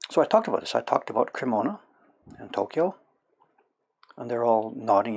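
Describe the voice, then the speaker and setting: A man's voice: mid-range voice, expressive, normal speed, pauses often, slightly rough. A middle-aged man from Canada chatting casually on a livestream as a woodblock printmaker, rambling and self-correcting as he tells stories. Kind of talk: casual chat while working.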